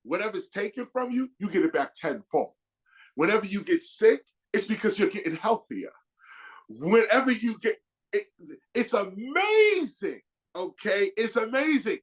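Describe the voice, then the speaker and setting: A man with a husky voice gives a live motivational talk, preacher style. He sits high for a man and swings his pitch all over the place, leaning on slang and playing out the people he quotes. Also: a bit bright. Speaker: guest speaker.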